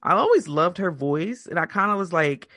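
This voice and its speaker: A woman co-hosting a podcast, chatting casually and telling stories in an animated, profane way, acting out the quotes. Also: lowish voice, moderate pace, no echo, studio quality. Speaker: podcast co-host. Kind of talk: casual chat.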